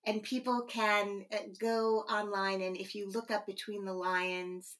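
A woman hosts a podcast, talking in a warm-hearted, gushing way. Her pitch sits in the middle range, heard close on a studio microphone. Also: flat delivery, a little slow. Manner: effusive, gushing praise. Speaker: podcast host. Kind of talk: interview and show outro.

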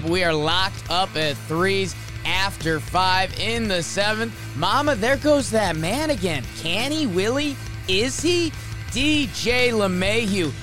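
A man co-hosting a casual sports podcast, rattling off a jokey play-by-play game recap. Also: sits high. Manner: excitable play-by-play delivery, jokey. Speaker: podcast co-host.

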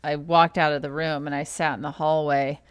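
A woman's voice: low-pitched, level tone, normal speed, smooth, no room sound. Dry-witted woman podcast host. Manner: dry, teasing. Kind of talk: casual chat.

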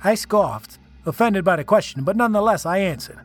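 A man narrates a tense first-person tale in a somewhat high voice, reading with dramatic feeling. Soft music plays faintly beneath him. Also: expressive, brisk.

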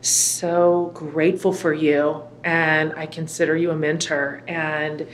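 Lady podcast host, lowish voice, gushing and chatty. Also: little pitch movement, slight background noise. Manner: warm, effusive, quick asides. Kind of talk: podcast interview and host-read ad.

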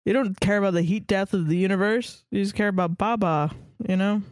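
A woman's voice: mid-range voice, a little fast, dry recording, studio quality. A woman co-hosting a podcast, reading a story aloud and cracking sardonic, swearing jokes at it. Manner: wry, swearing, laughs at her own jokes. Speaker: podcast co-host.

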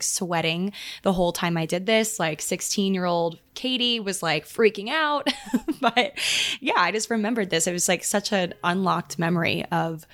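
A young woman hosts her own podcast in a relaxed, chatty way. Her voice sits a little low, and she laughs often, with plenty of fillers. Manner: chatty, giggly, many fillers. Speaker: podcast host. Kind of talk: casual chat.

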